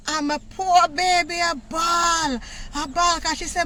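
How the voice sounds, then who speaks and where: A middle-aged woman telling a story in a vlog, animated and often laughing as she talks. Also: very high-pitched, moderate pace, noisy background. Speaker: vlogger.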